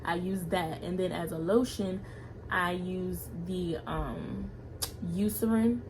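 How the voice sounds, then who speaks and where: A woman's voice: lowish voice, takes it slowly, background noise. A young woman talking casually in a home vlog, filling her speech with "like" and "y'all". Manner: chatty, frequent "like" and "y'all" fillers. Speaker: vlogger.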